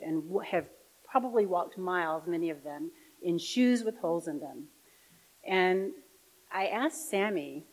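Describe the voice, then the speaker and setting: At a parish talk, a woman with a voice on the low side describes her volunteer work as an audiologist. She tells her story with animation but grows soft and quiet at the serious moments, and the recording is rough.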